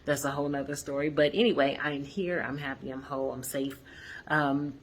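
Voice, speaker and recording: A woman's voice: low voice, fairly even intonation, brisk, a little hiss or hum. A woman in her forties chatting earnestly to viewers from a hotel room, telling a personal story with lots of fillers. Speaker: vlogger. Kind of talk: casual reflective vlog.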